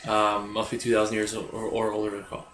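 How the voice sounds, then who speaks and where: A man's voice: on the low side, monotone, brisk, fairly bright tone, slight background noise. A man co-hosting a casual recap chat, offhand and thinking aloud as he reads from his notes. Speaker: podcast co-host. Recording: echoey room.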